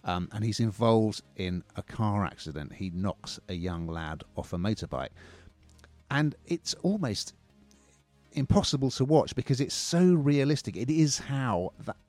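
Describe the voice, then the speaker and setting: A man's voice: lowish voice, animated, unhurried, a little mellow, soft background music. A man casually reviewing films and TV series on a radio show, chatty and opinionated.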